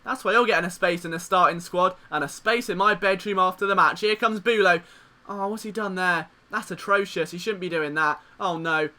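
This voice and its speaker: A young man giving jokey, excitable let's-play commentary on a football management game, lurching between despair and cheering. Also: high-pitched, brisk. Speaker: gaming commentator.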